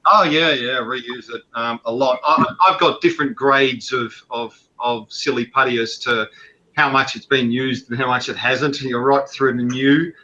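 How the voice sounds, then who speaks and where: A man on an online hobby call, explaining his technique eagerly with quick stumbles and repeated restarts. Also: medium pitch, steady tone, sharp tone, highs cut off. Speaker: guest modeler. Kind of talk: casual video-call chat. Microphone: video call.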